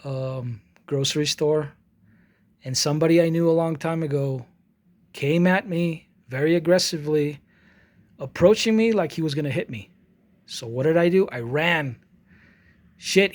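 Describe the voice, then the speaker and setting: A man's voice: fairly high pitch, a little mellow. A man in his forties, an artist talking casually to his channel, rambling with many restarts and acting out both sides of an argument as he tells a story. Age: 40s. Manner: rambling, with frequent restarts and repeated words. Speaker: artist vlogger. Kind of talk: casual monologue.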